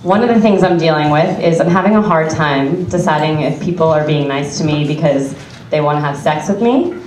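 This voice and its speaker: A woman's voice: low-pitched, brisk, darkish tone, slight background noise. A young adult woman telling a chatty stand-up story, laughing through her lines. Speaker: stand-up comedian. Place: comedy club stage with audience. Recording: echoey club from far off, crowd.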